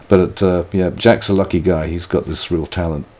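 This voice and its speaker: Older man with a very deep voice, wry. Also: fairly even intonation, moderate pace, darkish tone. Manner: thoughtful, wry, frequent restarts and self-mocking laughs. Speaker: musician being interviewed. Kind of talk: reflective conversational interview.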